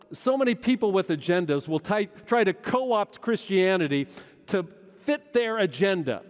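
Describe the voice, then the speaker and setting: A middle-aged male pastor preaching a sermon, swinging between loud urgency and hushed intensity. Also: high-pitched. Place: large church sanctuary. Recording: long church hall reverb.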